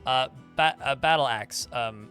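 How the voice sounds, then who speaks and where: Bright-voiced man streaming a game. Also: medium pitch, measured pace, faint music behind. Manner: reads game combat log aloud, with fillers and restarts. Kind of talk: livestream gameplay commentary.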